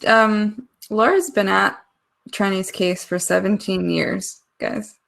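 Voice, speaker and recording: A woman on a podcast panel, jumping in with quick, teasing remarks. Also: mid-range voice, steady tone, creaky, a bit bright. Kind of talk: casual podcast chat.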